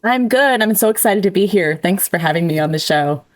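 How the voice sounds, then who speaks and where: A woman's voice: mid-range voice, animated, a little fast. A woman in her thirties, a guest author answering interview questions in a friendly, chatty way with light laughs.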